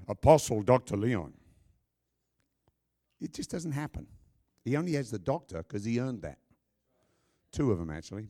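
A man's voice: medium pitch, darkish tone. A male pastor preaching a sermon, emphatic and conversational, breaking off for joking asides to his congregation.

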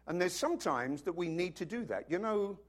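Animated pastor preaching. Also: male voice, sits high, brisk. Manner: animated storytelling, sudden swings from loud to hushed. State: has a cough. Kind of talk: sermon.

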